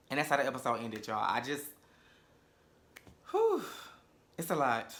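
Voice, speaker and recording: Sassy, bright-voiced man reviewing reality TV. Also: medium pitch, fast, pauses often. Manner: animated, sassy and profane, campy asides. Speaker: reality TV recap vlogger. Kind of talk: casual episode review.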